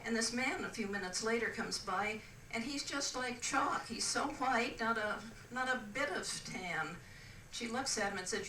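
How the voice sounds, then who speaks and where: An older woman telling stand-up jokes on a cruise, her voice bright and a little sharp. She is dry and hesitant, with lots of "uh"s. She is recorded from a distance in a roomy space with faint noise behind. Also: fairly high pitch, a little slow. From West Coast of the US. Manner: dry, hesitant delivery with frequent "uh"s. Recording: roomy, distant mic with ambience.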